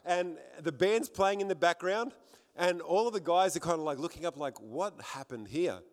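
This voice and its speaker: A man's voice: high voice, normal speed, smooth. A man preaching a sermon to a congregation in a church hall, fervent, often repeating words as he builds up. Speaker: pastor.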